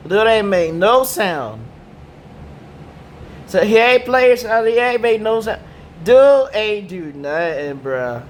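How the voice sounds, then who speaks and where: A man's voice: high voice, a little hiss or hum. A man with damaged vocal cords, ranting in a rambling, repetitive, slangy way. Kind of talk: casual rant to camera.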